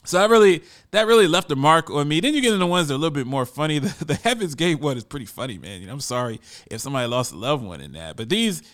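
Male podcast talker, bright and lively tone, loose and rambling delivery. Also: fairly high pitch, rapid-fire, few pauses. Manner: animated, conversational, trails off and repeats words. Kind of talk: casual monologue.

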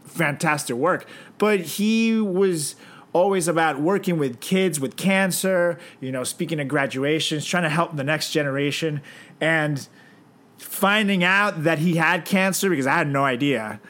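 A man co-hosting a casual podcast, playful and animated, talking with a slight lisp. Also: fairly high pitch, unhurried. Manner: animated, playful, jokes around with put-on voices. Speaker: podcast co-host.

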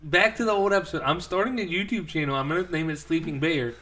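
Bright teasing young man. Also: a little high, fast talker. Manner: teasing, laid-back. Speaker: podcast co-host. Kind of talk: casual chat.

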